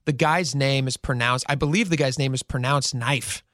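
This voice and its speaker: A male radio host telling a news story in casual, animated talk and acting out the quotes. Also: medium pitch, normal speed, dry recording, studio quality.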